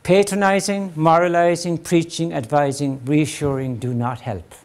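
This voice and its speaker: Gravelly older man lecturing earnestly. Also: steady tone, normal speed, a little mellow. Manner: earnest, often adds a questioning "right?"; acts out parents' voices with rising pitch. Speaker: psychologist giving a talk. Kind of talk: lecture to parents.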